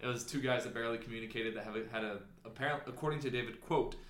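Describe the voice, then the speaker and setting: Brief: podcast co-host, man, mid pitch, bright tone, roomy sound. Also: steady tone, very fast, slight background noise. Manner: jokey, laughs often. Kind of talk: casual sports podcast chat.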